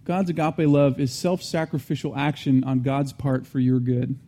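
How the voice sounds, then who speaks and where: A man preaching in an earnest, teaching manner, with a mellow, warm tone. He circles back to repeat his main points and slips in casual asides between restarts. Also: medium pitch, fairly even intonation, moderate pace. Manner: frequent restarts and fillers, conversational asides. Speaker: Christian teacher. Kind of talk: teaching sermon.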